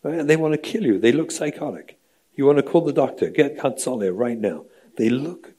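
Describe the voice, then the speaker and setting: A middle-aged rabbi gives a training lecture on parenting and education, speaking briskly in a warm, husky, mid-range voice. He's expressive, emphatic and rhetorical, often checking in with "right?".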